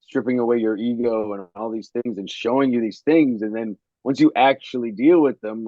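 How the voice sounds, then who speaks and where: A man's voice: fairly low pitch, no echo. A male comedian guest talking in a rambling, loose way over a video call, with many "like" fillers. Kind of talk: casual conversational interview. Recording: dry, dull lo-fi video-call audio.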